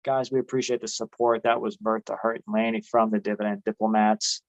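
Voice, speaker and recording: A man's voice: lowish voice, level tone, brisk, no room sound, lo-fi sound. A man co-hosting a casual investing chat, friendly and chatty. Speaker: co-host.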